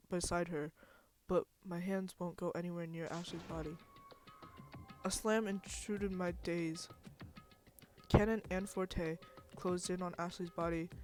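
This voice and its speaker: A woman streamer who reads game text aloud and reacts with expressive, dramatic outbursts. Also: fairly low pitch.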